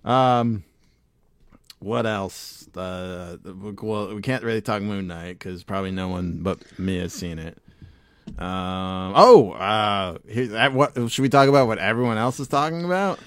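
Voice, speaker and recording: A low-voiced man co-hosting a podcast, rambling through stories with plenty of swearing and easy laughter. His voice is close and dry, with no room sound around it. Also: unhurried, clear, resonant tone, no room sound. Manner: rambling, profane, laughs often. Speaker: podcast co-host. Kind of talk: casual chat.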